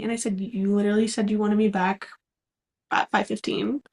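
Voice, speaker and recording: A woman's voice: medium pitch, fairly quick. A young woman, co-hosting a podcast and telling a long story in a chatty way, full of fillers and laughs. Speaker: podcast co-host. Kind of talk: casual chat.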